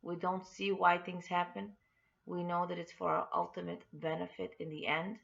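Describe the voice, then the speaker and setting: Earnest lady telling an uplifting faith story, lowish gravelly voice, kinda dull lo-fi sound. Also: flat delivery, moderate pace, a bit bright. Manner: earnest, heartfelt. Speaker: inspirational podcast host. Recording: dull lo-fi recording.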